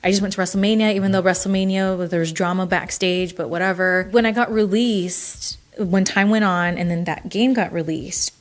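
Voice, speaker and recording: A woman guest in a casual interview, telling candid stories in an animated way, laughing often and swearing casually. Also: fairly low pitch, normal speed, few pauses. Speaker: guest, former wrestler.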